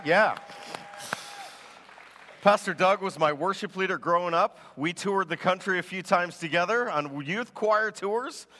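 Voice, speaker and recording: High bright-voiced pastor preaching. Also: male voice, big-room sound. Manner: animated storytelling with laughs. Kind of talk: sermon.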